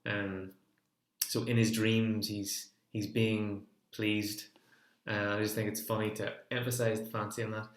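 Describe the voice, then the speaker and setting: A man's voice: on the low side, flat delivery, unhurried. Man teaching folk song in a roomy space. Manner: chatty explanations between sung demonstrations. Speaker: singing teacher. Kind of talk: folk singing lesson.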